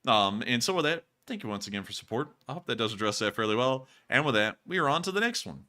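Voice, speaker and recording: A man hosting a livestream Q&A, casual and quick to laugh, repeating the same sign-off phrases. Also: mid-range voice, sing-song, bright, forceful tone. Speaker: host.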